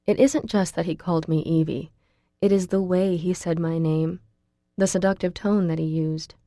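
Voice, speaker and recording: A woman narrating a first-person audiobook in an intimate, expressive storytelling manner. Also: on the low side, normal speed, dry recording, studio quality.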